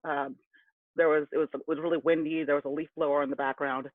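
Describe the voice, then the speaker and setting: A man's voice: a little high, little pitch movement, quick pace, no room sound. A man telling a candid personal story to an audience, heated when he recalls being angry. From California. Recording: tinny phone-like line.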